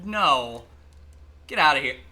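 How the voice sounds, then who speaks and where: A man's voice: mid-range voice, slow. A man streaming a game live, chatting to viewers, swearing and laughing as he reacts to the game. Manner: excitable, swears a lot, laughs and shouts at the game; chatty, talks straight to chat. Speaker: livestreamer. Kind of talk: live gameplay commentary.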